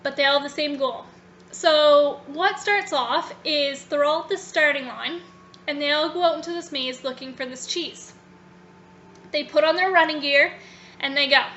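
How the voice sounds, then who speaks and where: Woman vlogger, high and chatty, retelling a book; slightly muffled home video with faint hiss. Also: normal speed. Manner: chatty, animated retelling with many "so" links. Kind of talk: casual storytelling retelling a book.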